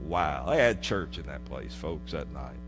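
A man preaching a sermon in a church, dropping to hushed low asides and rising to emphatic declarations. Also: animated, a little slow, over music. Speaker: pastor. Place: church sanctuary. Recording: hall reverb with mains hum.

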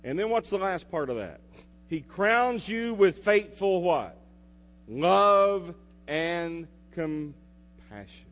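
A pastor preaching a sermon, swinging between loud declarations and hushed asides and putting questions to the congregation. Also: male voice, high-pitched, big pitch swings, unhurried. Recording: reverberant hall with mains hum.

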